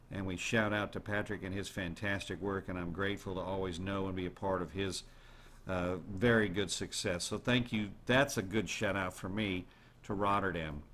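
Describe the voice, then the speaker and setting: A man hosting a show, chatting casually to his listeners in an animated way and throwing questions at the audience. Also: mid-range voice. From United States. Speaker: radio show host.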